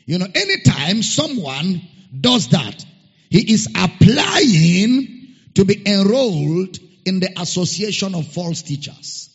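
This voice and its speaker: A pastor preaching a sermon, emphatic and repetitive, sometimes singing words. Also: male voice, high voice, very animated, slow pace, husky. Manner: emphatic, repeats key phrases, sings some words. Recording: dull lo-fi recording in a reverberant hall.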